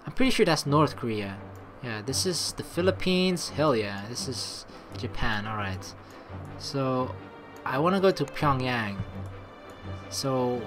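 A woman's voice: sits low, fairly bright tone. A woman doing a casual let's play commentary, reading game text aloud and joking and swearing as she goes. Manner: chatty, swears and laughs at own jokes.

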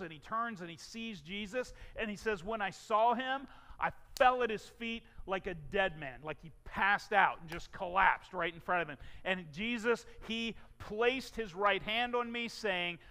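A man's voice: sits high, sharp tone, long reverb tail. A man preaching a sermon as pastor of a church, with emphatic rises and falls for stress.

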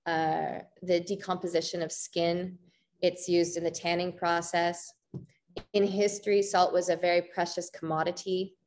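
A Canadian woman in her thirties giving an artist talk, pausing often with ums and restarts. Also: on the low side. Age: 30s. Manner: hesitant, frequent ums and restarts. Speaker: visual artist.

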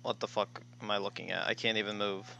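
A young man commenting on his own horror game playthrough, excitable and full of swearing, rambling as he reacts. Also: on the low side, fast, gravelly, dull audio, over music. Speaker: gaming channel host. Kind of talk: let's play commentary.

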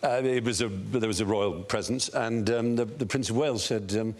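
A man's voice: on the low side, normal speed. A man, a talk show guest telling anecdotes and acting out other people's lines. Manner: lively storyteller, acts out other people's lines. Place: TV studio with audience.

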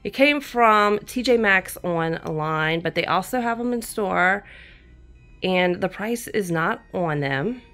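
A woman with a drawl talks slowly and fondly about each thing she bought. She chats casually and sometimes turns aside to speak to her cat. Quiet music plays faintly underneath. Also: fairly low pitch, expressive. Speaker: crafting channel host. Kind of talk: casual haul show-and-tell.

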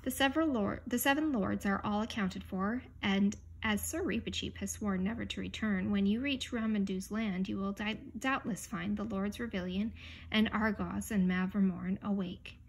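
A proud young king with a short temper gives orders in a sharp, commanding way, as a woman reading aloud puts him on. The voice is gravelly and husky, and it sits at a middling pitch. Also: normal speed. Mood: regal.

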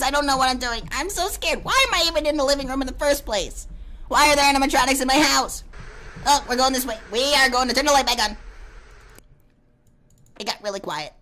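A woman's voice: sits high, bright, forceful tone. A young woman commentating a horror game as she plays, panicking and repeating words in a rush when scared. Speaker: gamer.

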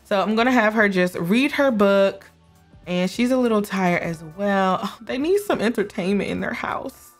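A woman's voice: medium pitch, normal speed, faint music behind. Chatty woman streaming a life sim. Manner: chatty, talks to her characters, laughs often. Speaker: gameplay streamer. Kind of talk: casual gameplay commentary.

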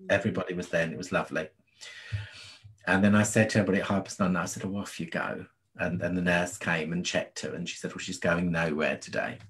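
A man from the UK speaks as an interview guest in a very deep voice. He talks softly and soothingly and keeps adding "you see". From United Kingdom. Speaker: guest, spirit medium. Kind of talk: casual interview chat.

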